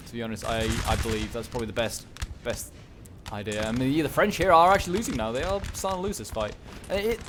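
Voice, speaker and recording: A man's voice: medium pitch, background noise. Rambling male strategy-game commentator. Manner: rambling, excitable, talks back to units on screen. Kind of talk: casual battle commentary. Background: gunfire and battle sounds.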